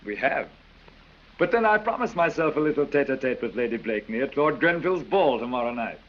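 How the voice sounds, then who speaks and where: An actor playing a cold, scheming ambassador with a dry, clipped, sardonic manner, in 1930s film acting. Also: male voice, mid-range voice, big pitch swings, fairly quick, natural voice. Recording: dull old film soundtrack with hiss.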